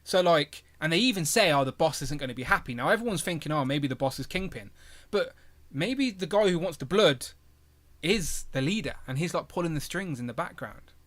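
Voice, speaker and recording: Chatty, higher-voiced male stream host. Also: lively intonation, brisk, fairly bright tone. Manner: rambling, chatty, reads out viewer messages. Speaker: host of a live toy stream. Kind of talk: casual chat.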